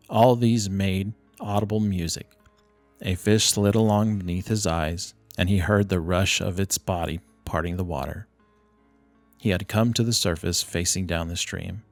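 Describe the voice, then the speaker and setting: A man narrating a classic short story as an audiobook, reading in a steady, measured way. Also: vocal fry, dry recording. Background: low ambient music.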